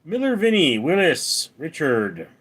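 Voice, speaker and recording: A young man from Los Angeles hosting a live stream, casually reading viewer comments aloud and answering them in a relaxed, rambling way. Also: fairly high pitch, unhurried, slightly rough. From Los Angeles, California. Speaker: livestream host.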